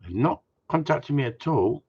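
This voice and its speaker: An Englishman runs a casual live Q&A for dog owners, blunt and jokey and quick to swear. His voice is husky, and his pitch rises and falls a great deal. The stream audio is dull and lo-fi. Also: expressive, a little mellow. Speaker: dog trainer hosting a live Q&A. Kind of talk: casual chat answering viewer comments.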